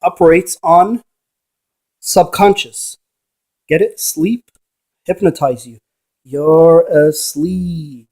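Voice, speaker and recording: A man's voice: fairly high pitch, slow pace, long pauses, a little mellow. A man who investigates ghosts, giving a rambling, preachy monologue and arguing with the viewer through rhetorical questions. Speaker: paranormal investigator.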